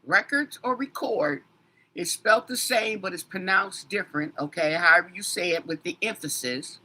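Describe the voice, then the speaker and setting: A woman's voice: fairly low pitch, a little fast, bright, forceful tone. A woman tarot reader in a casual livestream chat, rambling and talking straight to her commenters with emphatic asides.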